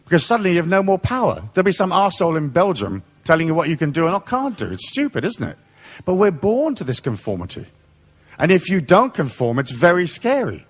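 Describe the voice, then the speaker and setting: A middle-aged man from Africa addresses a live seminar audience with profane, sardonic humour. His voice sits a touch high and swings widely in pitch as he tells comic stories. He sounds irreverent and mocking throughout. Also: wildly swooping pitch, quick pace. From raised in Africa, born in England. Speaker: seminar speaker.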